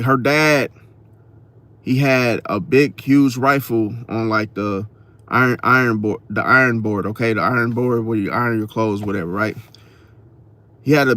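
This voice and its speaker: A man telling a story in a casual vlog, slangy and profane, talking straight to his viewers with lively emphasis. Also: mid-range voice. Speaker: astrology vlogger.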